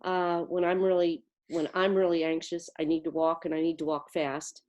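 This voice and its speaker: A woman's voice: fairly low pitch, level tone, normal speed, a little mellow. A woman giving an earnest, vivid personal account on a video call. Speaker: interviewee.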